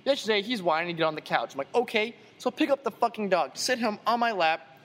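A man's voice: sits high, fast talker. Young man with a reverberant voice. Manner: crude, excitable storyteller. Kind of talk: casual podcast chat.

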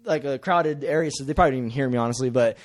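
A man's voice: medium pitch, rapid-fire. A young man in casual chat, hot-headed and swearing a lot.

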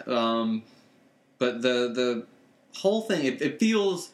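A man's voice: mid-range voice, very animated, takes it slowly. Male podcast co-host, casual rambler, roomy echo on the voice. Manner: rambling, trails off and restarts often. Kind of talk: casual chat. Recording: echoey room.

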